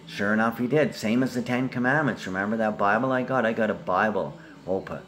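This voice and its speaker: A man's voice: on the low side, fairly quick, fairly bright tone, slight background noise. A man with an Australian accent talking in a loose, rambling monologue that jumps from topic to topic and is addressed to his family.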